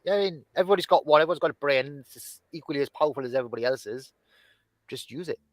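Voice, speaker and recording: A man's voice: on the high side, rapid-fire, dry recording, poor audio. A man talking as a guest in an unscripted conversation, rambling and restarting his thoughts. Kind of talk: casual conversation.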